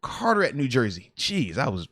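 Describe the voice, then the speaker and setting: A man's voice: mid-range voice, wildly swooping pitch, normal speed, a bit bright, no room sound, studio quality. A man co-hosting a casual sports podcast, teasing and laughing often. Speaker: podcast co-host.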